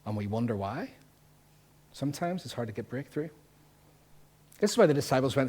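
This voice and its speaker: A man with a Northern Irish accent preaching a sermon as pastor, lively and jokey, full of rhetorical questions. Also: mid-range voice, a little fast, long pauses. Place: church.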